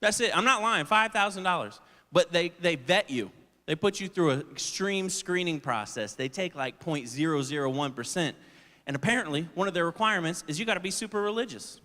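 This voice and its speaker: A man's voice: a little high, expressive, brisk, sharp tone. A male stand-up comedian telling loose, profane stories on a theater stage, acting out the voices of people in them. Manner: loose, swearing, acts out voices in his stories. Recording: live theater with long reverb.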